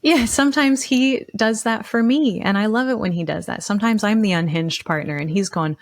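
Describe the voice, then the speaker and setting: Woman, young adult, podcast co-host, animated and emphatic, mid-pitched, dry close mic. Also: moderate pace, no room sound. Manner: animated, emphatic, playful, laughs easily. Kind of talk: casual advice chat.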